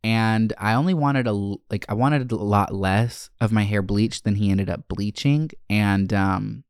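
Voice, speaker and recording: A man hosting a podcast, telling stories in a brash, profane, animated way and acting out quotes. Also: fairly low pitch, unhurried, clean tone, no room sound, studio quality. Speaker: podcast host. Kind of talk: casual storytelling chat.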